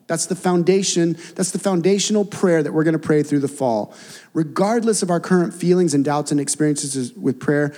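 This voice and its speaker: Earnest male pastor in an echoing hall. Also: on the high side. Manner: earnest, conversational preaching with soft, intimate drops. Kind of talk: sermon.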